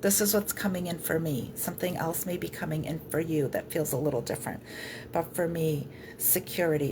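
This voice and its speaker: A woman energy healer gently guiding viewers through a live-streamed clearing session, speaking softly with slow pauses. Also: low-pitched, steady tone, background noise.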